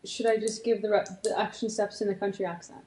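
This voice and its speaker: A woman's voice: mid-range voice, flat delivery, fast, dark tone, roomy sound. A woman co-hosting a podcast in casual, playful chat, laughing often. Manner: giggly, playful. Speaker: podcast co-host.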